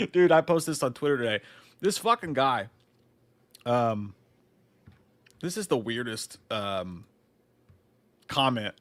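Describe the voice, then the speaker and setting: A man's voice: mid-range voice, animated, slow, pauses often, a bit bright, dry recording. A man co-hosting a live movie news stream, chatting casually, swearing freely, laughing often and reading viewer comments aloud.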